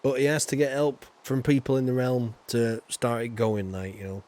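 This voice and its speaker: A man from Yorkshire, England streams a building game, chatting casually with viewers in a rambling way full of little asides. His Yorkshire-accented, mid-range voice is a little mellow and flat, at a moderate pace.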